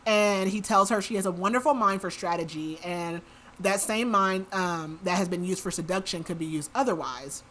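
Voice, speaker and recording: This podcast host speaks in a lowish, fairly bright voice at a moderate pace, with a faint hiss or hum in the background. She walks through a book's plot in a loose, chatty style, leaning heavily on fillers like "like."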